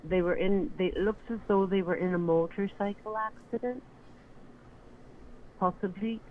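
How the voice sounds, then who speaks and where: A woman caller giving a psychic reading, describing spirits slowly and searching for words. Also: medium pitch, phone-quality sound, slight background noise. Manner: slow, halting, searching for words. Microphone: call audio.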